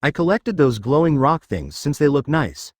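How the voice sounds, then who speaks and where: Brief: cheerful newborn slime girl, innocently blunt, lively pitch, read by a man in his own voice. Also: moderate pace, no room sound, clean studio sound. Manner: matter-of-fact, innocently blunt. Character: cheerful naive infant female slime. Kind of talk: fan fiction reading.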